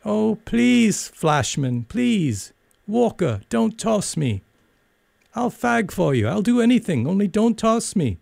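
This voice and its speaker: A man's voice: very animated, slow pace, vocal fry, darkish tone, no echo, full character voice. A man voicing a frightened small schoolboy who pleads not to be tossed. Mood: pleading. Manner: high, desperate begging.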